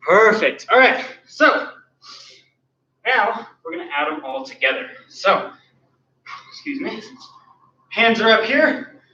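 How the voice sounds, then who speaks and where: A man with a high, bright voice coaches a martial arts class while he demonstrates the kicks himself, counting each move and calling out cues. He is out of breath, and he sounds far from the mic in a roomy studio with a dull recording. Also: sing-song, takes it slowly, long pauses, a little hiss or hum. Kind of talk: online class instruction.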